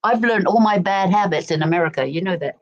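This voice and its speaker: Talking fast in a medium-pitched voice, this Berkshire woman is a guest on a home live stream, with no external microphone and the highs cut off. She chats casually, tells stories, and keeps asking "do you know what I mean".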